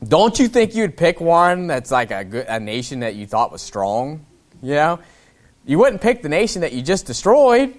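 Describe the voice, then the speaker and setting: A man preaching in a relaxed, conversational way, reading old scripture and then restating it in everyday words. He climbs to loud high bursts for emphasis, then drops to low, quiet asides. His voice sits at an ordinary middle pitch. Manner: conversational, acts out the kings' lines in a plain voice. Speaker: pastor. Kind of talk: expository sermon.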